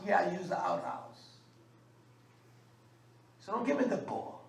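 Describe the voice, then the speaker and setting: A man's voice: sits high, huge pitch swings, measured pace. A man giving a fiery religious sermon, emphatic and scolding, with frequent uh fillers. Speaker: religious teacher. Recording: echoey room, mic at a distance, faint background noise.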